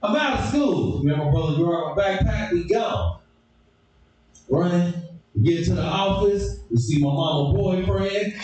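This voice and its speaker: A man doing stand-up, telling stories and acting out people with sudden shouts. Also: a little slow, heavy reverb, recorded from a distance, low-quality recording. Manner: animated, acts out characters with sudden shouted high squeals. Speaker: stand-up comedian. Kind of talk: stand-up storytelling.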